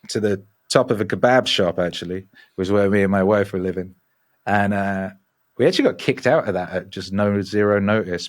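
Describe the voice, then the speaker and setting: A middle-aged man, a podcast guest, telling rambling, animated stories with lots of swearing. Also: lowish voice. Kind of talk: casual storytelling.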